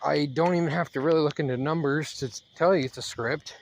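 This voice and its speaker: A man delivering a worked-up, rambling vlog monologue while walking outdoors, slightly out of breath and halting with fillers. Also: a little high, fairly even intonation, slight background noise. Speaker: channel host.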